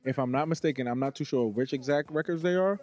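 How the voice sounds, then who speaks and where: A man's voice: fairly high pitch, quick pace, dark tone. A man in casual chat, blunt and teasing, arguing back hard.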